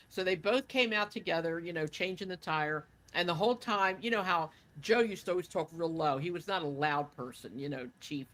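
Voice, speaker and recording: A woman's voice: on the low side, brisk, hardly any pauses, fairly bright tone. A woman guest telling casual stories with many fillers in a chatty, rambling way. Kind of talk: casual storytelling interview.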